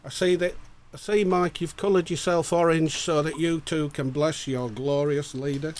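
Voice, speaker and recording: A man's voice: a little high, fairly even intonation, moderate pace. A man, co-hosting a casual livestream and jokingly reading out viewer greetings. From England. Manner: jokey, bantering, stumbles over names.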